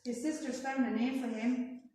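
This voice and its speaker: A woman's voice: high voice, steady tone, normal speed, dark tone. A woman storyteller reading a rhyming picture book aloud to children in a rhythmic, sing-song way and asking them questions. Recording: echoey hall from far off.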